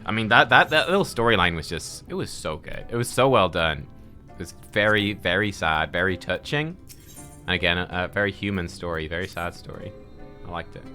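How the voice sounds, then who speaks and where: A man's voice: low-pitched, sharp tone. A male streamer casually commenting on a game playthrough, playfully reading the dialogue aloud and trying out accents.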